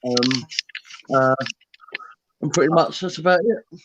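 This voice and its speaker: A man joining a casual livestream as a guest, talking haltingly with lots of fillers. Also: a little high, dull audio.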